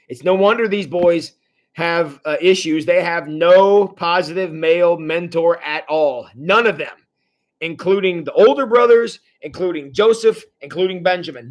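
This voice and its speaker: A man leading a livestreamed church Bible study in a casual, wry way, often restarting his sentences and chuckling. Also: fairly high pitch.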